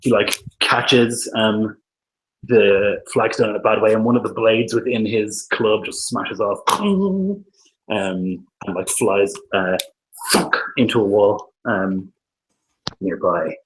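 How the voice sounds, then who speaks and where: A man's voice: on the low side, slow pace, a little hiss or hum, poor audio. A man narrating as dungeon master of a tabletop game, loose and hesitant, full of ums and likes.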